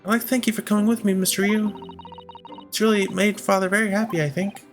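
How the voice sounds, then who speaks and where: A man voicing a cheerful, polite young girl in a game read-through, high and sing-song. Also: level tone, fast, soft background music. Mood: sweet.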